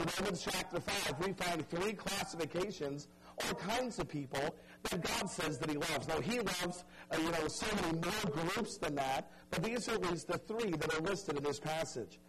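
Earnest preacher, slightly high-pitched man. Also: animated, low-quality recording. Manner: dramatic storytelling with sudden soft drops and drawn-out emphasis; earnest, pleading appeals to the listener. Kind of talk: evangelistic sermon.

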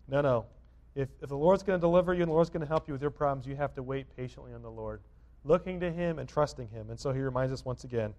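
A man preaching a sermon, earnest and repetitive, moving between quiet reflection and loud, emphatic urging. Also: mid-range voice, a little fast. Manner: earnest, repetitive exhortation with frequent restarts. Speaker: pastor.

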